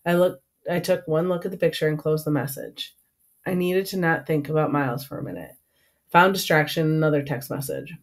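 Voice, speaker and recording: A woman's voice: low voice, fairly quick. A woman narrating an audiobook in first person with an earnest, emotional delivery.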